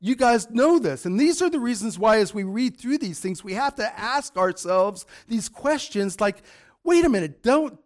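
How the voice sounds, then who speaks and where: Man, pastor, high voice, conversational sermon, fillers and asides, voice cutting in and out. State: voice going in and out.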